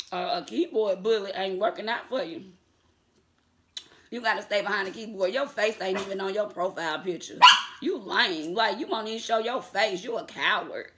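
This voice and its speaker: With some background noise, a medium-pitched woman talks casually to her vlog viewers. Laughing often and calling them y'all, she's defiant and sassy about her critics.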